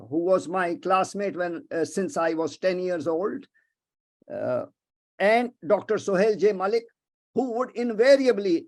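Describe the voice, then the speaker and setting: Brief: older Pakistani-accented male academic, measured and formal with many pauses, lecturing over a video call. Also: high voice. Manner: measured and formal, with frequent hesitations. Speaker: guest speaker.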